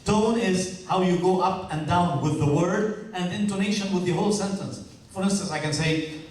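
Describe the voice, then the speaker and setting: Male teacher, higher voice, encouraging classroom feedback, recorded far off in a reverberant hall. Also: moderate pace, a little mellow. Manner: encouraging, coaching, repeats "okay?". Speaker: teacher giving feedback to students. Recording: echoey room, mic far off.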